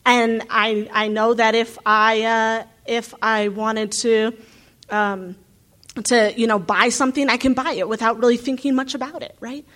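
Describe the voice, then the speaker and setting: A woman from the United States speaks in a slightly higher than usual register, earnest and animated. She thinks aloud and breaks up her points with little asides and rhetorical checks. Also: unhurried. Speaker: graduate student. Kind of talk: reflective talk.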